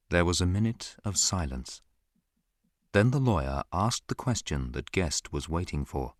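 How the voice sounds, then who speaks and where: A man reading a classic novel aloud as scripted audiobook narration, in a slow and even storybook manner. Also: very deep voice, no room sound, clean studio sound.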